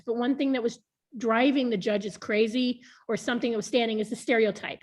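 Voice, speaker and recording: A woman's voice: on the high side, fairly even intonation, a little fast, a little mellow. A woman in her thirties chatting frankly about her past on a video call, laughing often. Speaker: board member being interviewed. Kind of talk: casual video call chat.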